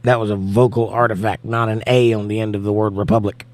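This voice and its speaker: A man's voice: fairly low pitch, little pitch movement, quick pace, a little mellow. An American man hosting a casual livestream, reading viewer comments aloud and answering them, tired from no sleep. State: tired, has not slept. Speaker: livestream host reading chat.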